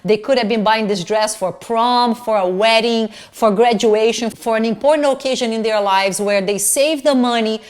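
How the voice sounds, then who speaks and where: A middle-aged woman ranting in a casual vlog, animated and indignant, swearing freely as she talks to viewers at home. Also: on the high side, moderate pace, hardly any pauses. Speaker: fashion vlogger.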